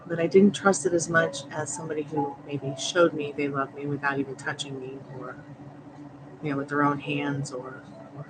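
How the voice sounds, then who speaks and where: A woman's voice: low-pitched, little pitch movement, normal speed, heavy background noise. A woman doing a live tarot reading, chatting and rambling with viewers, laughing often. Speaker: tarot reader. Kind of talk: live-stream chat with viewers.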